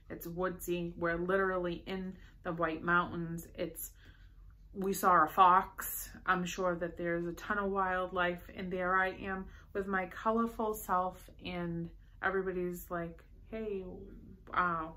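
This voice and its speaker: A woman's voice: lowish voice, fairly even intonation, unhurried, pushed and bright. A young woman chatting casually through a shopping haul, bubbly and rambling with enthusiasm. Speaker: vlogger showing a shopping haul.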